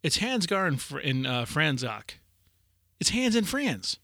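Lively laughing bright-voiced man. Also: on the high side, measured pace, no echo, studio quality. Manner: animated storyteller, laughs often. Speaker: podcast co-host. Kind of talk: casual chat.

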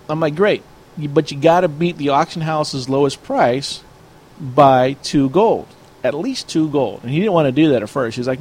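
Guy rambling through a game story, kinda high voice, acts out the back and forth. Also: brisk. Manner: animated storyteller, acts out both sides of an argument. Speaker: gamer telling a story. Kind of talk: casual chat.

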